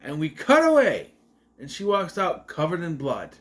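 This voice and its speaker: A man's voice: a little high, normal speed. A young man giving a casual, rambling movie review, often correcting himself mid-sentence. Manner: rambling, self-correcting, animated. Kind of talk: casual spoken film review.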